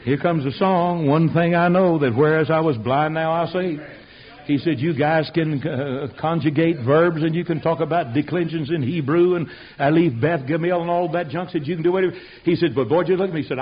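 High, husky older man preaching. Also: brisk. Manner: folksy storytelling, swings from quiet to loud. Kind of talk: sermon. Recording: dull lo-fi radio recording.

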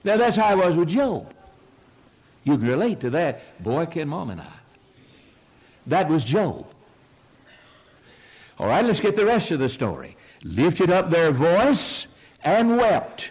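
An older man preaching a sermon, telling stories in an animated, emphatic way. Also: a little high, a little slow, long pauses, breathy edge. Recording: dull lo-fi sound.

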